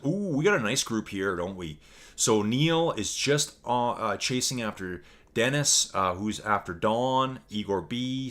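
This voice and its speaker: A man's voice: lowish voice, fairly bright tone. A Canadian man with a Canadian accent giving casual, rambling live-stream commentary on a virtual bike race and reading viewer chat aloud.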